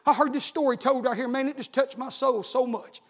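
A preacher with a strikingly high voice delivers his sermon in a rhythmic cadence. He stacks repeated phrases and rises toward shouting. The sound rings with a long church-hall reverb. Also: steady tone, brisk. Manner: builds from conversational to shouted, half-sung climaxes. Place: church sanctuary.

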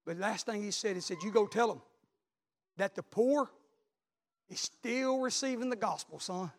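A man, a pastor preaching a sermon, telling a story and then building to loud repeated calls. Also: high voice, normal speed, vocal fry.

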